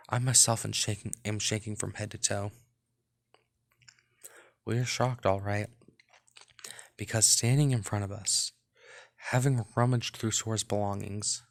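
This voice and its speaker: A man's voice: lowish voice, steady tone, measured pace, long pauses. A man hosting a let's play, reading a visual novel aloud and breaking off into rambling, casual asides.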